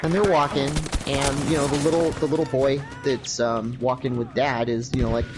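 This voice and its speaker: A man streaming a game, telling a long, profane anecdote in a casual, animated way. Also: mid-range voice, normal speed, over music. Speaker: gaming livestreamer. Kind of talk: casual storytelling on a livestream.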